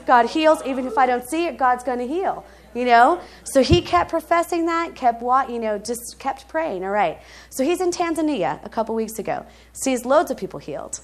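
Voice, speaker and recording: High-voiced woman preaching a testimony. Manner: animated, laughing often, checks in with 'all right?'. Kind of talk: storytelling testimony sermon.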